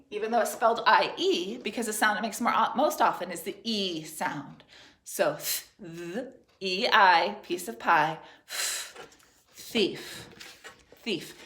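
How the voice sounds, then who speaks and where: A woman teacher dictating spelling words to third graders, stretching out each syllable and letter as she sounds them out. Her voice sits at a middle pitch, and the room gives it a noticeable echo. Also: fairly bright tone, slight background noise. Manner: slow, clearly enunciated, sounding out letters and syllables. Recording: roomy echo.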